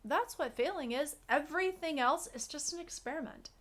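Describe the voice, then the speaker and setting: A woman co-hosting a podcast in casual chat, telling stories in a reflective, animated way. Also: high voice, normal speed. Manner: storytelling, reflective, animated asides. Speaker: podcast co-host.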